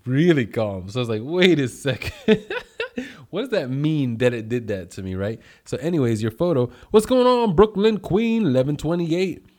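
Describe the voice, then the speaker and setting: An American man hosts a casual livestream, calling out viewers by name with upbeat energy. His voice sits at a medium pitch, and he drifts into rambling, chatty asides between greetings. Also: darkish tone. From United States. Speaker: livestream host.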